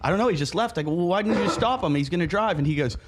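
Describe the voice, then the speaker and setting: A man from the United States, co-hosting a podcast and telling stories in a casual, animated way, acting out the other people's lines. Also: high-pitched, very fast, background noise. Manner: animated, acts out quotes, laughs often. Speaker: podcast co-host. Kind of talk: casual storytelling chat.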